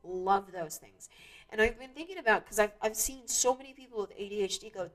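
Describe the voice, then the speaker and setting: A woman's voice: medium pitch, fairly quick. A woman hosting her own show, talking casually in a rambling way with many restarts and fillers. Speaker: podcast host. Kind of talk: casual monologue.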